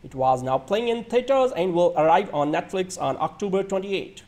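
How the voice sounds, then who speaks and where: A man with a notably high voice reads a written film review aloud. His delivery follows the script closely, with the odd stumble where he restarts a word before moving on. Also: lively intonation, normal speed, darkish tone.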